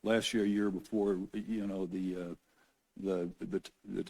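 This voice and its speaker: A man with a somewhat low voice chairs a council meeting in a formal, halting way. He restarts his phrases and repeats words as he gathers his thoughts. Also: little pitch movement, a little mellow. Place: council chamber.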